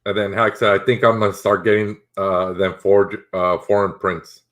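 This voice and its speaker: A young man co-hosting a live stream, relaxed and rambling, who reads out viewers' comments. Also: low-pitched, normal speed. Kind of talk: casual chat.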